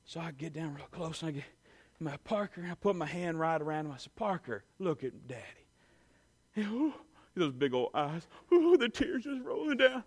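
A man telling an animated personal story to an audience, full of "you know" and "I mean". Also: on the high side, fairly quick.

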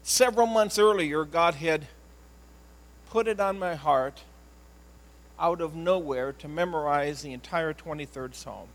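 A man, a pastor, telling a personal story in an earnest, emotional sermon style, often halting and repeating words. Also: a little high, low-quality recording.

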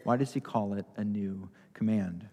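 A man's voice: on the low side, normal speed, warm tone, in a large hall. A male pastor preaching a sermon, repeating key phrases for emphasis.

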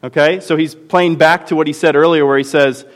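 A man's voice: fairly high pitch, steady tone, brisk. A man preaching a sermon as pastor, earnest and building to impassioned emphasis. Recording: long hall reverb.

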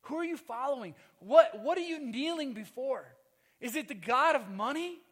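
A man preaching a sermon as a pastor, moving between loud emphatic lines and hushed quiet passages. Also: extremely high pitch, lively intonation, moderate pace, long reverb tail. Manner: swings from loud emphatic to hushed, sings briefly. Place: church.

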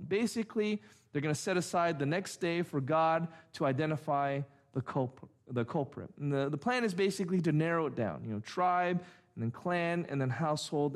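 Emphatic preaching man, slightly high voice. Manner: emphatic, rhythmic preaching with repetition. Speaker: pastor. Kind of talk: sermon.

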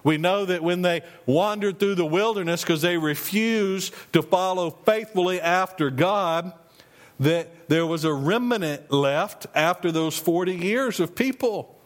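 A male pastor preaching a sermon, reading scripture slowly and then explaining it in a conversational way. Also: high-pitched.

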